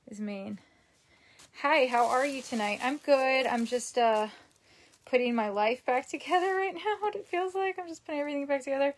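Chatty young woman with a high voice. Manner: chatty, rambling, frequent ums and laughs. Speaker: vlogger reading live comments. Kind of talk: casual live-stream chat. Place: her home.

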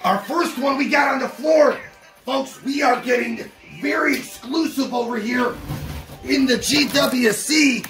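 A man hosting a home unboxing vlog, hyping every item with loud, shouted catchphrases in a collection room. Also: very high voice, unhurried, faint music behind.

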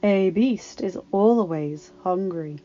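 A woman's voice: medium pitch, slow, dark tone, highs cut off, natural voice. Woman doing a sly, creepy old crone. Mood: sinister. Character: strange old woman storyteller, unsettling.

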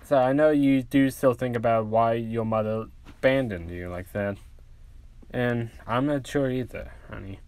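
A man voicing a loving, fussing mother who speaks gently and reassuringly to her son in a fan-made story. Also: medium pitch, measured pace, clean tone, close to an everyday voice. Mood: tender. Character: doting loving mother, adult woman.

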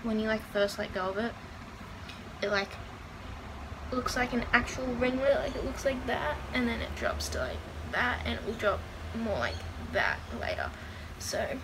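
A woman's voice: fairly high pitch, animated, normal speed. A young woman from Australia chatting casually in a get-ready-with-me vlog, rambling with lots of fillers, recorded indoors on a phone camera. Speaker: vlogger. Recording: loud background noise.

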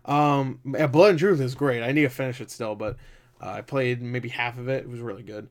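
Excitable guy going over game prices, mid voice, cusses and laughs a lot. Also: mid-range voice, fairly quick. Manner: excitable, swears, laughs often. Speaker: gaming vlogger. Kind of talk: casual commentary.

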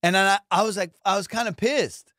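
Casual podcast host, man, fairly high voice, swears a lot, laughs through his stories, dry close sound. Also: fairly quick, bright, forceful tone, dry recording. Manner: profane, storytelling, laughs often. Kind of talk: casual chat.

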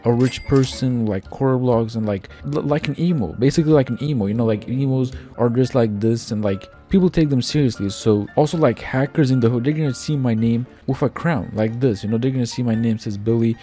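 A young man doing casual gameplay commentary, rambling and full of fillers, excitable and profane as he trash-talks other players. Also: mid-range voice, brisk, few pauses, soft background music. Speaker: gaming YouTuber.

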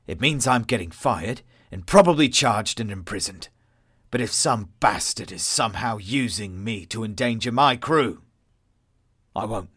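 A man's voice: on the low side, a bit bright, breathy edge, full character voice. A man playing an angry, proud male commander who firmly denies blame. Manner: firm, defiant.

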